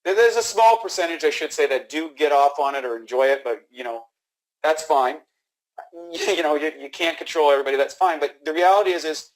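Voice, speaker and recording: A man giving an energetic sales training talk, acting out phone dialogue with frequent restarts. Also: on the high side, fairly quick, rough recording. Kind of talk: instructional talk.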